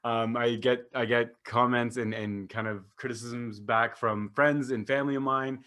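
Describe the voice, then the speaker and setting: A man's voice: mid-range voice, fairly even intonation, normal speed, sharp tone. A man hosting a solo podcast, upbeat and chatty, often repeating his greetings and phrases. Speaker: podcast host.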